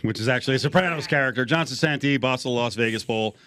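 A man's voice: mid-range voice, fast, pushed and bright. A man hosting a casual sports radio chat, leading the talk and asking loose questions. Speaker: radio host.

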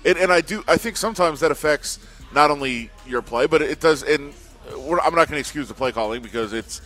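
A man co-hosting a casual sports talk show, animated and indignant as he argues his point. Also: on the high side, fairly quick. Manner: animated, indignant, with loud mocking impressions. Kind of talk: casual sports radio chat.

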